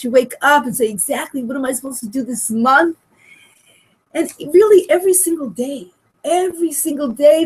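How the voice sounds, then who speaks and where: A woman in her sixties giving a heartfelt storytelling talk at a memorial gathering, emotional, repeating phrases and swinging from soft to loud. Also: high-pitched. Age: 60s.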